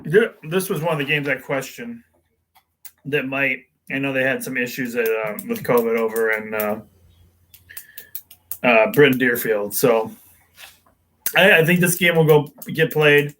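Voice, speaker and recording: A man hosting a small sports talk show with an unhurried, rambling delivery. His voice is bright and forceful, and he keeps stopping and restarting his sentences. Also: medium pitch, low-quality recording. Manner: rambling, with frequent fillers and restarts.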